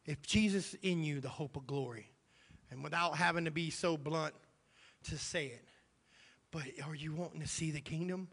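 A man's voice: a little high, moderate pace, fairly bright tone, breathy edge. A male pastor preaching a sermon in a church, emphatic and repeating his key phrases. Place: church sanctuary. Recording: long church hall reverb.

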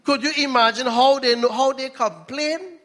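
A Trinidadian preacher delivering a sermon in a fairly high voice, telling a story and putting questions to his listeners. A long hall reverb trails his words. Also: normal speed, bright, forceful tone. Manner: storytelling, asks the audience questions.

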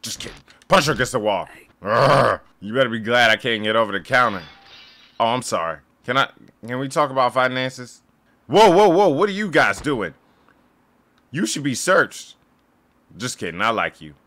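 A young man giving sarcastic, jokey commentary while playing a game, often yelling at it. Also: mid-range voice, lively intonation, normal speed. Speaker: gaming YouTuber. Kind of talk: casual gameplay commentary.

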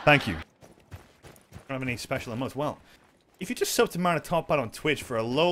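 A young man giving live, excitable commentary while playing a shooter game, swearing and laughing often. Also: medium pitch, moderate pace, a little hiss or hum. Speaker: streamer.

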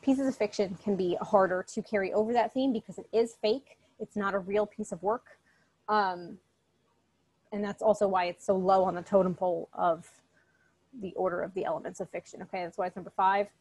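A woman teaching a college English class in a recorded online lecture. She speaks at a middle pitch in a loose, chatty way and keeps checking in with her students. Her tone is direct but encouraging. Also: steady tone, brisk, darkish tone, slightly rough. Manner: casual and chatty, often checks in with "okay?".

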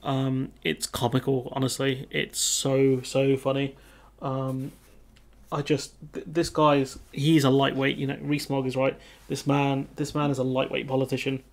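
A young man talks through political news in a casual commentary, reading articles aloud and breaking off for blunt, mocking remarks. His voice has a gravelly rasp, and his pitch stays fairly flat throughout. He fills gaps with ums and restarts his sentences often. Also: unhurried. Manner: reads articles aloud and adds blunt mocking asides, many fillers.

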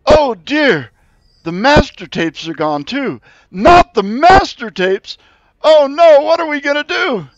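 Shrill panicky furry band creature. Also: male voice, sing-song, takes it slowly, no echo, full character voice. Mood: panicked. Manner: frantic, pleading, squealing. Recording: dull lo-fi sound.

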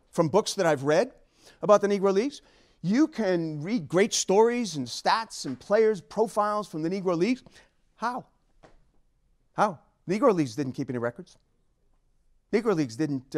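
A man speaking as an author at a book talk, telling stories in an animated, emphatic way and chuckling along. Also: high-pitched. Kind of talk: storytelling lecture.

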